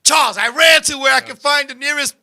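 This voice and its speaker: Very high, bright-voiced man telling stories. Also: a little fast. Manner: animated, profane storyteller, often shouting. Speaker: show host. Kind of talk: comedic storytelling chat.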